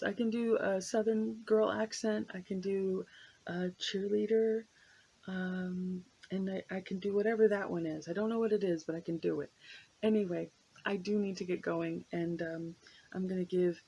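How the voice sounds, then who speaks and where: A woman's voice: mid-range voice, fairly even intonation, moderate pace, creaky, warm tone, slightly rough, rough recording. An American woman talking to her viewers in a rambling, hesitant way, with many fillers and restarts. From United States. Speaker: vlogger. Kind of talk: casual chat to camera.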